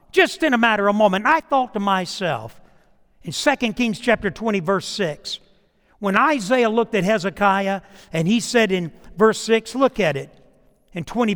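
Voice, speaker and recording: A man's voice: high-pitched, fairly bright tone, clean tone, long reverb tail. A middle-aged male pastor preaching a sermon, telling stories and acting out the dialogue in them.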